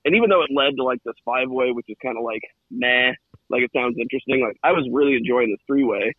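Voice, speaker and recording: A man's voice: medium pitch, fast talker, breathy edge, no room sound. A man in his thirties co-hosting a casual chat, cursing freely and acting out what others might say. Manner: profane, animated storytelling with acted-out quotes. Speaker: podcast co-host. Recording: tinny phone-like line.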